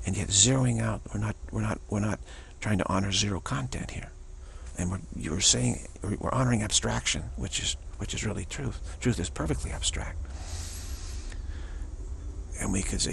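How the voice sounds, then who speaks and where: A man giving a spiritual talk as a teacher, musing and repeating himself, with many restarts and drops into soft whispers. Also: on the low side, moderate pace, creaky, slight background noise.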